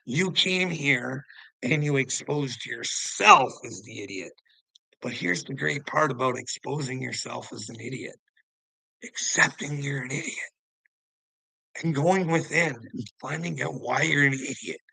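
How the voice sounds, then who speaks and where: Male vlogger, gravelly and bright-edged, preachy and taunting, rambling monologue, dry close mic. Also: medium pitch, unhurried, no echo, rough recording. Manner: preachy and taunting, jumps between topics, laughs to himself. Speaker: vlogger answering commenters. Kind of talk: casual rambling monologue to viewers.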